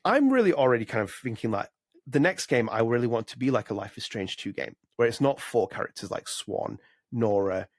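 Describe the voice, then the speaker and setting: A man talks quickly and rambles through a casual podcast chat, full of likes and ums. His voice sits at an ordinary pitch. The recording is close and dry. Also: lively intonation, dry recording. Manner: rapid, rambling with many fillers. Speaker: podcast co-host.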